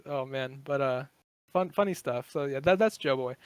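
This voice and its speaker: A podcast guest in his twenties talks in a smooth, medium-pitched voice at a moderate pace, with no room sound. His chat is casual, meandering, and profane, heavy with fillers.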